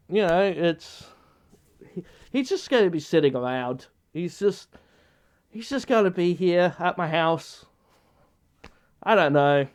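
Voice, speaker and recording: A man's voice: fairly high pitch, darkish tone. A man vlogging in an unscripted casual chat, rambling and hesitant with many restarts.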